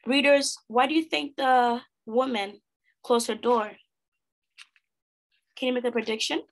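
A woman reading a storybook aloud expressively as a teacher, pausing to pose questions to her listeners. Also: fairly high pitch, vocal fry.

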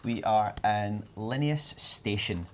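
A man's voice: on the low side, takes it slowly, slight background noise. A man with a Scottish accent hosting a game livestream, chatting casually and narrating what he does as he plays. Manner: upbeat, chatty, narrates his moves as he plays. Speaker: livestream host. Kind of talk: casual gameplay chat.

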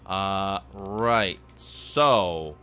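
A man's voice: low-pitched, drawn-out words, sharp tone, slight background noise. A man in his thirties giving casual, playful gameplay commentary with joking asides. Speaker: let's play host.

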